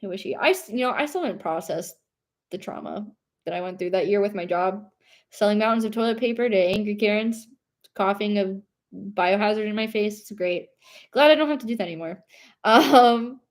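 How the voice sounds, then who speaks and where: A woman's voice: medium pitch, a little fast. A young woman streamer chatting casually and rambling, reading chat aloud and laughing often.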